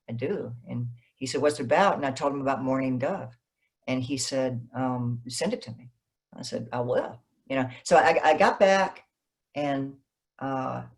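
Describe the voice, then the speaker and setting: Animated woman novelist telling stories. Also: sits low. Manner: animated, acts out quoted dialogue. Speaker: novelist guest. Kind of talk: conversational interview, storytelling.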